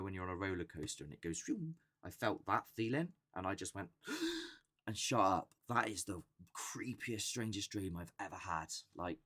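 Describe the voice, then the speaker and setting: Low-voiced guy rambling on a live chat, chatty, acts out quotes. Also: fairly bright tone. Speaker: host of a paranormal channel.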